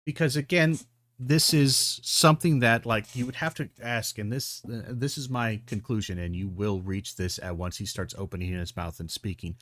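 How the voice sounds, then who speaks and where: A man with a fairly low voice talks through a video as a commentator, rambling along with plenty of ums, restarts and the occasional curse. The recording is dry and close, with no room sound. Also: normal speed, fairly bright tone, dry recording. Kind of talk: casual commentary.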